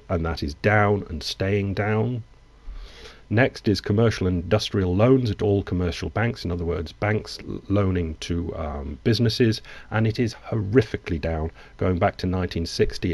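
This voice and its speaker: A man with a very low voice reads news articles aloud and breaks off into blunt, sarcastic remarks. His delivery is loose, with halting restarts. The sound is dry and close. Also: a little mellow, dry recording. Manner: blunt, sarcastic asides between read-out quotes. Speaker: economic commentary host. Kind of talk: reading and commenting on news articles.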